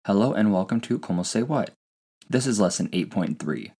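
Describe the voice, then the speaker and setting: A man with a low voice hosts a beginner Spanish lesson. He reads from a script in a clear teaching tone and slows right down whenever he models an example phrase so learners can follow. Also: animated, warm tone.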